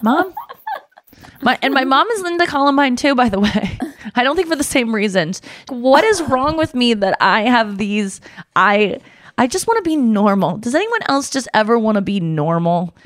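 A woman hosting a podcast in casual chat, animated and self-mocking, swearing freely. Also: on the high side, moderate pace, no echo, clean studio sound. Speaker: podcast host.

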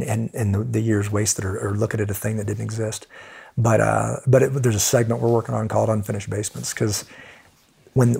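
A middle-aged man, a former Navy SEAL, telling stories as a guest in a casual interview, animated and full of restarts. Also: lowish voice, creaky, breathy edge. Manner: animated storyteller, frequent restarts.

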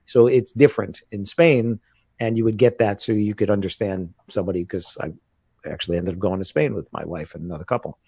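An American man talking casually in an interview, telling animated stories about learning a language. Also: on the low side, a little fast, slightly rough, no room sound. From United States. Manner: animated storytelling with laughs. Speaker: guest. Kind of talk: casual conversation.

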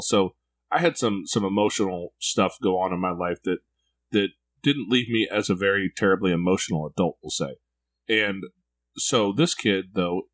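A man in casual conversation, candidly telling reflective personal stories as a podcast co-host. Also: sits low.

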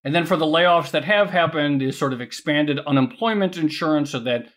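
A man's voice: a little high, fairly quick, a bit bright. A man co-hosting an interview, chatty, asking questions with restarts. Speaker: co-host.

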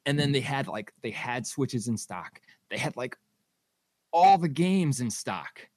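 A man's voice: medium pitch, big pitch swings, a little slow, a little mellow, dry recording. Opinionated man in a gaming chat. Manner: opinionated, argues his point. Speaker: podcast co-host.

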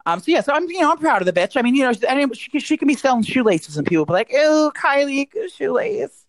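A man co-hosting a podcast, chatting crudely and excitably about celebrity gossip. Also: very high-pitched, very fast, dry recording, poor audio. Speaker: podcast co-host. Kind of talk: casual gossip chat.

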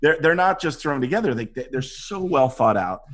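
A middle-aged man, an actor, telling animated stories in a casual interview and acting out what people said. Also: a little high, brisk. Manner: animated storytelling, acts out quotes. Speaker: actor guest.

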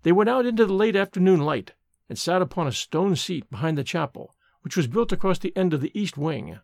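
A man's voice: sits high, animated, fairly quick, vocal fry, no echo, clean studio sound. A man narrating a gothic ghost story aloud, reading expressively and dramatically.

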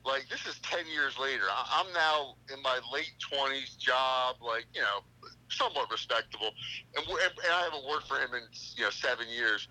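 A man's voice: mid-range voice, moderate pace, bright, forceful tone. A middle-aged man calling in for a casual chat, rambling eagerly through old stories. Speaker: guest on the phone. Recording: tinny phone line.

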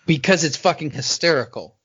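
A man's voice: fairly high pitch, expressive, brisk, a bit bright, slightly rough, highs cut off. Exasperated, swearing man on a call. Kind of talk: casual chat.

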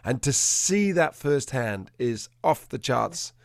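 A man, a dog trainer, telling a story in an animated way and acting out the quotes in a changing voice. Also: mid-range voice, slow, creaky, no echo, studio quality. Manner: animated, acts out quotes in a shifting voice. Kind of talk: conversational storytelling.

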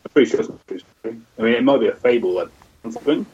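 A man's voice: medium pitch, rapid-fire, a little mellow, muffled recording. A man co-hosting a casual podcast, talking in a laid-back, meandering way and unsure of his facts. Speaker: podcast co-host.

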